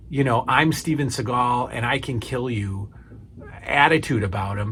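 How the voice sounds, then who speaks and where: A man in a relaxed vlog, chatting at an easy, unhurried clip with plenty of ums and restarts. His voice sits at an ordinary middle pitch, and a faint hum of background noise runs under the talk. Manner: rambling, with many fillers and restarts. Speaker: movie collection vlogger. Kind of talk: casual to-camera chat.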